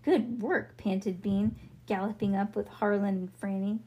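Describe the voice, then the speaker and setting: A woman's voice: mid-range voice, level tone, normal speed, muffled recording. A woman reading a children's book aloud in a casual way, with slips and self-corrections. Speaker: storybook reader.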